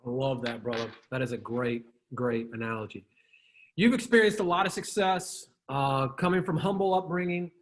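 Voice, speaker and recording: Hosting a casual interview at normal speed, a man with a mid-range voice talks emphatically and bluntly. He swears plenty and sprinkles in slang like "dude" and "bro".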